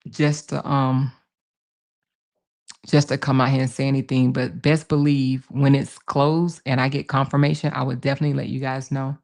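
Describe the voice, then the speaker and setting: A woman's voice: extremely low pitch, flat delivery, moderate pace, creaky, a little mellow. A woman hosting a casual livestream, reading viewer comments and answering them, repeating her points for emphasis. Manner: emphatic, repeats phrases, calls viewers baby and honey. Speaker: livestream host.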